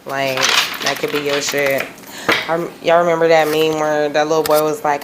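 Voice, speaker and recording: A woman's voice: low voice, level tone, normal speed, heavy background noise. A woman giving a casual tarot reading, chatty and slangy, laughing often. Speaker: tarot reader.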